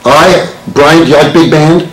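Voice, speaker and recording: A man's voice: fairly high pitch, fairly even intonation, a little slow, crowd noise. A man in his sixties, a lawyer giving a live talk, joking and quizzing the audience. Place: meeting hall with an audience. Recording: roomy hall with faint noise.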